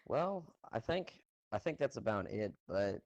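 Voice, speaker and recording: A man interviewing casually, hesitant and soft-spoken. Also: on the low side, big pitch swings, a little slow, no echo, lo-fi sound. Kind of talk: casual chat.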